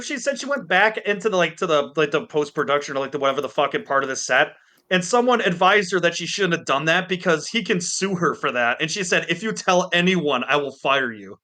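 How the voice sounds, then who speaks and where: A man co-hosting a casual podcast over a voice call, ranting and swearing heavily with animated mock voices. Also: sits high, fairly quick. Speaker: podcast co-host. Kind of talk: casual chat. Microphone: Discord call.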